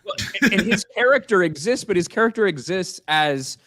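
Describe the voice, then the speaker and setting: A man's voice: high voice, expressive, brisk, a bit bright, no room sound. A man guesting on a podcast in casual chat, rambling and emphatic with many restarts.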